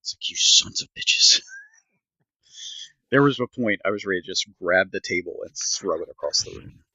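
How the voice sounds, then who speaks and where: A man's voice: low-pitched, fast talker, pushed and bright, no echo. A middle-aged man on a podcast, telling a story as a rant and acting out what people said. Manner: ranting storyteller, acts out quotes. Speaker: podcast co-host. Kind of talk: casual chat. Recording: slightly dull, dry podcast mic.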